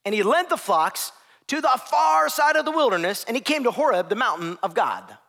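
A man with a high, bright voice preaching a sermon in a church. He talks conversationally, with playful asides to the congregation. His tone stays lively and forward. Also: a little fast, gravelly, long reverb tail. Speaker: pastor.

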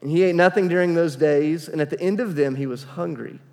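A man's voice: a little high, fairly quick, a little mellow. A man preaching a sermon to a congregation, reading scripture and asking them to call out answers. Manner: emphatic, asks the congregation to respond. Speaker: pastor. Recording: reverberant church hall.

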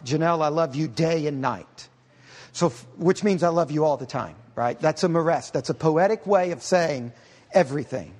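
A middle-aged male pastor delivers a sermon in a fairly high voice, spinning stories and tossing playful asides to his congregation. His words ring out with the long reverb of a large church hall. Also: a little mellow. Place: church sanctuary.

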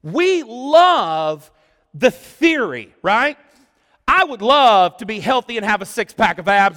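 A man preaching a sermon as pastor, animated and exclamatory, acting out what people say. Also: high voice, takes it slowly. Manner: animated, exclamatory, acts out quotes. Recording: long church-hall reverb.

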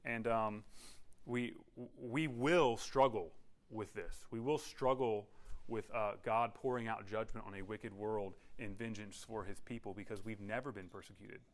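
A man's voice: lowish voice, fairly even intonation, unhurried. Conversational man preaching. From United States. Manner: conversational teaching with frequent "okay?" check-ins; restarts and filler-heavy, explanatory. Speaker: pastor. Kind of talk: sermon.

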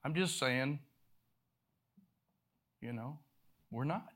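A man preaching a sermon, telling a story with bursts of laughter, repeated words, and swings from loud to hushed. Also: mid-range voice, very slow.

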